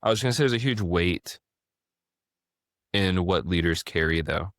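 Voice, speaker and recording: A man in his thirties hosting a podcast, telling stories in a lively casual way with frequent restarts. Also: low voice, normal speed, dry recording, studio quality. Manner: animated storyteller, frequent restarts. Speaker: podcast host. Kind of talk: casual conversation.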